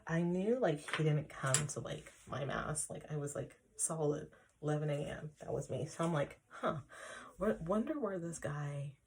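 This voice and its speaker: A woman with a low, gravelly voice talks candidly into the camera as she shares a personal story. Her delivery is confiding and intimate, and she often sinks toward a whisper. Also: normal speed, slight background noise. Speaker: vlogger.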